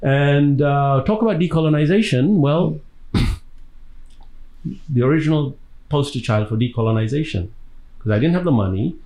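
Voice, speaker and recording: A man from Tanzania, an actor being interviewed, telling long, lively stories with a laugh between them. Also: on the high side, moderate pace, rough recording. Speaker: actor guest. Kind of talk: casual interview storytelling.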